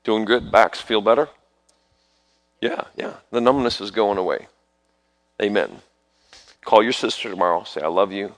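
A man's voice: on the low side, normal speed, pauses often, no room sound. A man preaching at an altar call, calling people forward and praying over them in sudden fervent bursts. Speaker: preacher leading prayer ministry.

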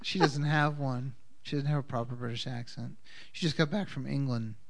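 A man leading a congregation's communion service, speaking in an unhurried, halting way with fillers. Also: mid-range voice, steady tone, creaky. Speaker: congregation leader. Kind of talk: communion service talk with Hebrew blessings.

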